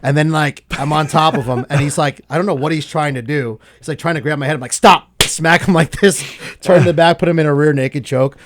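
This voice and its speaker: A man from Long Island, a pro wrestler guest in a podcast studio, telling stories with lively energy and acting out the voices in them. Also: fairly high pitch, fast, few pauses, background noise. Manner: animated storyteller, acts out the voices in his stories. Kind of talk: casual podcast chat.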